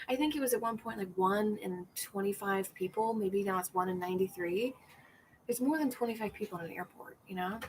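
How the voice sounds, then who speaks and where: At a moderate pace and medium pitch, a middle-aged woman hosting a comedy livestream rambles through casual chat, with a little hiss or hum in the background. She reads comments from viewers, is self-deprecating, and acts out people in her stories.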